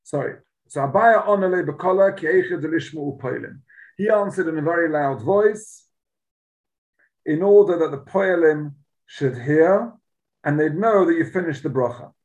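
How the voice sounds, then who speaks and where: Guy giving a talmud class, kinda high voice, explains every line with punch. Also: expressive, normal speed, highs cut off. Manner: explains Aramaic text line by line in English, emphatic. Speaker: Talmud teacher. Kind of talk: Talmud lesson.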